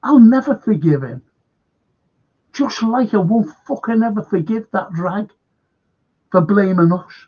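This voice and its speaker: A fan football show host rants in an angry talk-show monologue, swearing all the time and saying the same things over. His high, husky voice has lively intonation and a measured pace with long pauses; the audio is dull lo-fi.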